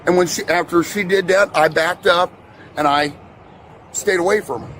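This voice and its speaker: A man's voice: high voice, moderate pace, fairly bright tone, a little hiss or hum. A man at a gas station telling a police officer insistently why he called, repeating himself. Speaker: caller reporting an incident to police. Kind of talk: complaint to an officer. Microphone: police body camera.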